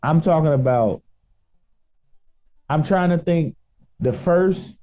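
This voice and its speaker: A man with a Chicago accent co-hosting a casual podcast, eager and quick to jump in. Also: fairly high pitch, dark tone. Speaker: co-host.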